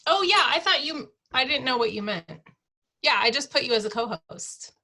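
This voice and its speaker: A woman hosting a team training call over video, talking in a chatty, upbeat way with quick asides. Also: high-pitched, expressive, bright, forceful tone. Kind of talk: casual online tutorial chat.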